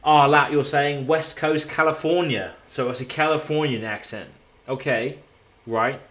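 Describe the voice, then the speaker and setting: A man's voice: medium pitch, steady tone, unhurried, a bit bright. A man streaming from a hotel room, chatting casually and rambling as he answers viewers in his live chat.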